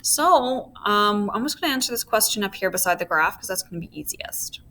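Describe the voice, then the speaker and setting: A woman's voice: medium pitch, animated, fairly quick, bright, forceful tone, a little hiss or hum. A woman teaching a recorded physics lesson, walking through each step and checking in with her students, with playful asides. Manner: walks through steps, checks in with "okay?".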